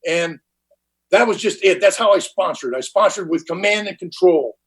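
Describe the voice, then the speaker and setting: A man's voice: sits high, animated, moderate pace, slightly rough, low-quality recording. An older man giving a personal recovery testimony at a meeting, candid and blunt, with plain slang and frequent restarts. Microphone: online conference talk.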